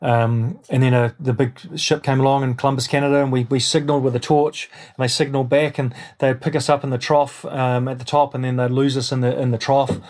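A man from New Zealand with a New Zealand accent, a guest in an interview, telling his story in an animated, rambling way with many restarts. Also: mid-range voice, a little fast, few pauses. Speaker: guest, airline pilot and adventurer.

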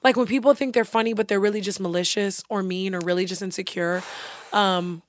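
A young woman chatting casually, blunt and animated, swearing freely and acting out quotes. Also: medium pitch, a little fast, no room sound. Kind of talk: casual chat.

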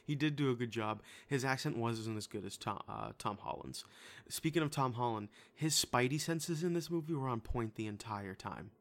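A man's voice: medium pitch, moderate pace. A man co-hosting a casual movie review podcast, enthusiastic and swearing freely. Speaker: podcast co-host.

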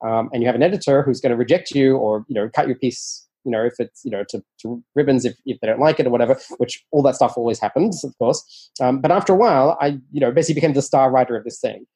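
Quick and chatty, a man with a soft, husky, mid-range voice tells casual stories as an interview guest and nonfiction author. He's animated, stumbles through plenty of fillers and restarts, and often acts out dialogue with a raised voice.

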